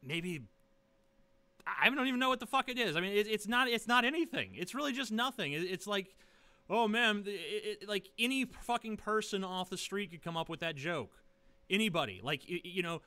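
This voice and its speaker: Sarcastic male vlogger, webcam rant, smooth and bright voice, swearing and rambling. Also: high-pitched, animated, fairly quick. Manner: sarcastic, profane, rambling with many fillers. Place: living room.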